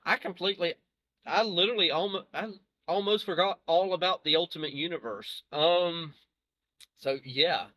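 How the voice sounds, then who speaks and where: Guy reacting to a video, bright tense voice, rambles and corrects himself, dry close sound. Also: a little high, moderate pace, no echo. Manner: rambling, self-correcting, chuckling. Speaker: reaction channel host. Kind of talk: casual reaction commentary.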